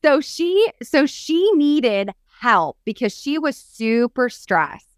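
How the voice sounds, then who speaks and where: A woman's voice: sits high, slow, clear, resonant tone, dry recording, studio quality. A woman co-hosting a coaching podcast, telling a story expressively and acting out the quoted voices. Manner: expressive, acts out quoted voices, emphatic lists. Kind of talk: animated storytelling chat.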